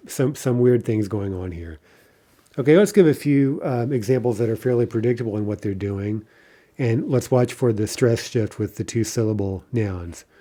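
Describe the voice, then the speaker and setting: Mellow-voiced man teaching a grammar lesson. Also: medium pitch. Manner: explains patiently, often adds "right?", slows to pronounce example words. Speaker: language teacher.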